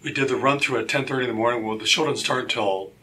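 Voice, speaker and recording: A man sharing his personal testimony as a talk show guest, animated and acting out the voices of the people in his stories. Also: mid-range voice, very fast. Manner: animated, acts out quoted voices. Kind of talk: storytelling testimony.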